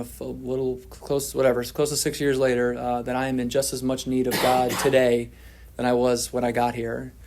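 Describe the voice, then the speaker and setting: Guy sharing his story at a recovery meeting, pretty flat delivery, candid and self-deprecating, lots of restarts. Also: mid-range voice. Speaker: twelve-step speaker.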